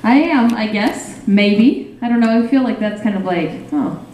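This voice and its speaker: Woman comic, lively pitch, rambling self-deprecating stand-up, echoey cafe room. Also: normal speed, a little hiss or hum. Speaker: stand-up comedian. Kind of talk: stand-up comedy set. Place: small cafe stage, live audience. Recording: roomy live cafe recording.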